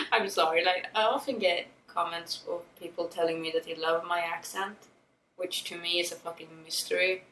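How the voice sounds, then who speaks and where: A young woman with a Swedish accent talks through her makeup routine in a loose, frank way, swearing and laughing as she goes. Her voice sits fairly low for a woman. She is recorded by a camera mic set back in a roomy space with a faint hiss behind her. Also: normal speed, bright, forceful tone, recorded from a distance. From Sweden. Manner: casual, frank, swears freely, laughs often. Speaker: beauty vlogger. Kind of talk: chatty get-ready-with-me vlog. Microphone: camera-mounted mic, a little far.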